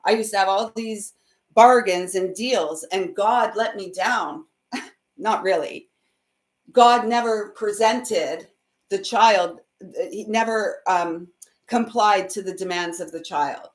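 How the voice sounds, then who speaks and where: A heartfelt woman leads a spiritual card reading on a live stream, with a voice of middling pitch for a woman. She laughs often and swings between quiet, tender remarks and sudden loud bursts. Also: slow. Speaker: intuitive reader and host.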